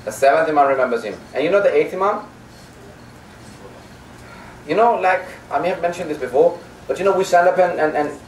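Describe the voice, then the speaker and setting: A man's voice: fairly high pitch, far from the mic, slight background noise. Man lecturing in an echoey hall. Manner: storytelling with quoted dialogue, many "you know" fillers. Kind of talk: religious lecture. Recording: echoey hall, recorded from afar.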